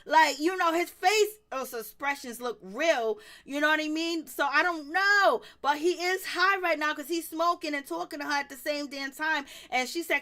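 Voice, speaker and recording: A woman's voice: high voice, moderate pace, few pauses, bright, forceful tone. A woman hosting a casual talk show, recapping a reality series in a blunt, slangy way and laughing often. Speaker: podcast host recapping reality TV. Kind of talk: casual chat.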